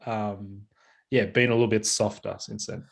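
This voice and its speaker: A man's voice: lowish voice, flat delivery, moderate pace, gravelly. An easygoing man, co-hosting a podcast in casual chat and laughing often. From Australia. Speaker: podcast co-host.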